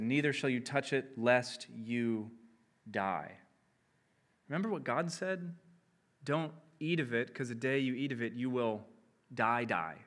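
A man preaching an expository sermon, slow and emphatic, rising sharply in pitch and volume on key phrases. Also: sharp tone.

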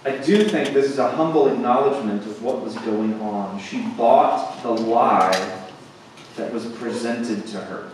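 A man preaching a sermon as pastor, slow and deliberate, swelling to emphatic peaks and then dropping quiet. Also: mid-range voice, noisy background. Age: young adult to middle-aged, father of boys. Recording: echoey hall, speaker far from mic.

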